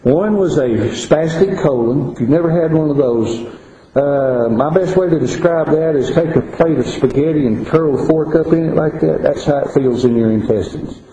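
A man preaching a sermon, earnest, dropping to quiet asides and rising to stress warnings. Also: fairly high pitch, normal speed, echoey room, lo-fi sound.

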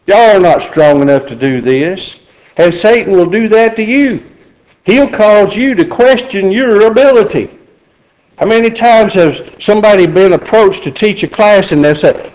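A man's voice: high-pitched, normal speed, darkish tone, low-quality recording. A middle-aged man preaching a sermon in a folksy, joking way. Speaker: pastor.

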